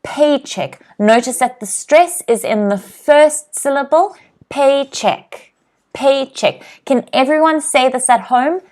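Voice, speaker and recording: A woman teaching a live online English lesson, saying each word slowly and clearly and having viewers repeat it. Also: high voice, darkish tone. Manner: slow, clear teacher's voice, drills words for repeating.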